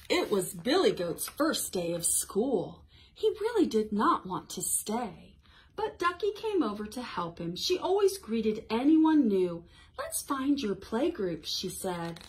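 A woman's voice: on the high side, wildly swooping pitch. Sing-song woman librarian at storytime. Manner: sing-song, encouraging, slow and clear. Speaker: children's librarian. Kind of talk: toddler storytime.

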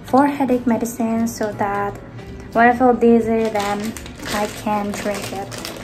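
Slow-talking chatty young woman vlogger. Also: fairly high pitch, little pitch movement, over music. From Philippines. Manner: rambling and chatty, trailing off softly. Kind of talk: casual chatty vlog. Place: indoors at home.

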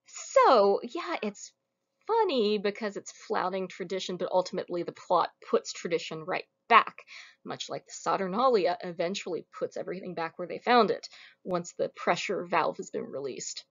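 A woman's voice: fairly low pitch, expressive, normal speed, fairly bright tone. A woman giving a recorded lecture in a casual, wry, conversational way. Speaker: lecturer on Roman comedy. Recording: muffled lo-fi recording.

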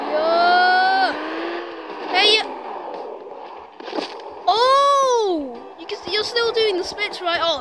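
A woman commenting on a physics game she is playing, excitable and teasing, trash-talking the crash dummy on screen. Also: extremely high pitch, heavy background noise. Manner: excitable, shouts and trash-talks the game character. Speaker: gameplay commentator. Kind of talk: excited let's-play commentary. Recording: loud game music behind.

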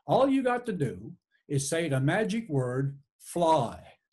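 A man's voice: on the high side, very animated, slow pace, darkish tone, pitched below the performer's own voice. Man putting on a bossy Newfoundland witch. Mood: explaining. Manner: chatty, tacks a folksy "my son" onto orders. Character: meddling old woman witch, helpful and bossy.

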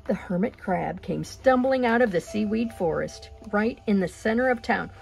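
A woman reading a children's picture book aloud with gentle, expressive pacing. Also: mid-range voice, normal speed, creaky, faint music behind. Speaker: storyteller.

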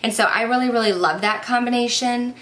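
A woman's voice: on the high side, brisk, fairly bright tone. A young woman chatting casually and enthusiastically through a makeup review, a little out of breath. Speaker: beauty vlogger.

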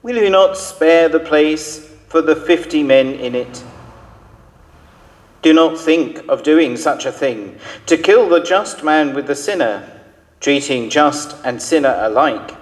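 A man's voice: on the high side, slow pace. A man reading the part of a patriarch who pleads humbly and earnestly with God, in a church. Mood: pleading. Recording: reverberant church hall.

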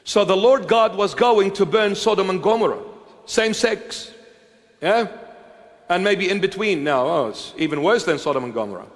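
In a large hall, a bishop delivers an expressive sermon at normal speed, his high-pitched male voice moving from hushed, intimate passages to raised ones. He repeats phrases with emphasis throughout.

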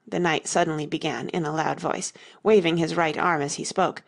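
Gravelly low-voiced woman narrator. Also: steady tone, normal speed. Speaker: audiobook narrator. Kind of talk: storybook narration.

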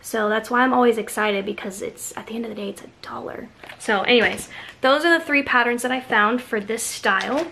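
A woman in her thirties talks through a shopping haul in a casual, gushing way, thrilled by each find. Her voice sits a little on the high side, with a faint hiss of noise underneath. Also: fairly quick, bright, forceful tone. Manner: gushing, enthusiastic. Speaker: haul vlogger. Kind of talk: casual show-and-tell haul.

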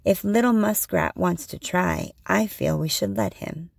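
A woman voicing a wise male spirit hero who speaks calmly and steadily to the animals in a storybook reading. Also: fairly low pitch, a little slow, creaky, no room sound, studio quality, exaggerated voice.

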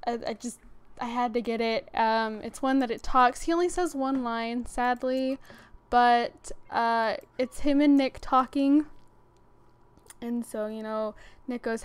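A young woman talks through her game in a loose, chatty way, rambling from one thought to the next and often laughing. Her voice is smooth and clear and sits a little higher than most. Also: unhurried, no room sound. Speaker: gaming channel host. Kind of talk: casual game commentary.

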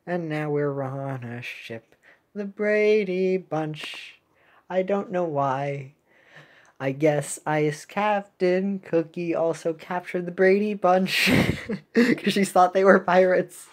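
Young woman, casual game cutscene reader, jokey and giggly, unhurried lower voice. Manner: giggly, joking asides. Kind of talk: casual commentary with read-aloud voices.

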